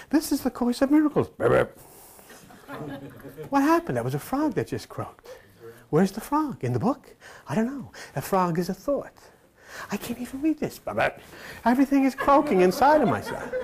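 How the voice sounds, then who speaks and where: A man preaching an informal sermon in a folksy, animated storytelling way, acting out characters and croaking like a frog. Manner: animated, folksy storytelling with sudden pitch swings; mimics frog croaks and plays out quoted characters.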